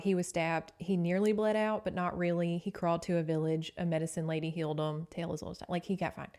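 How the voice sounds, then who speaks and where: A woman's voice: on the low side, darkish tone. A woman hosting a podcast, casually recapping a novel with sass and swearing. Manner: chatty, sassy, swears freely. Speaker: podcast host.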